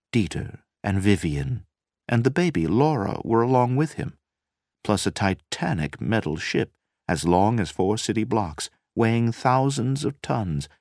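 Deep slow-reading male narrator. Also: a little mellow, no room sound, studio quality. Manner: measured, dramatic reading. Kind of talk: scripted audiobook narration.

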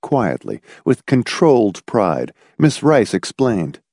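A man's voice: medium pitch, takes it slowly, slightly rough, no room sound, studio quality. A man narrating a novel, expressively shifting his delivery for different characters. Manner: expressive storyteller, voicing several characters. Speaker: audiobook narrator. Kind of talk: scripted narration.

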